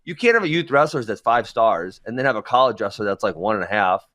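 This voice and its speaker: A man's voice: on the low side, very animated, quick pace, a bit bright. A man co-hosting a casual podcast chat who rants emphatically and gets fired up about his points. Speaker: podcast co-host.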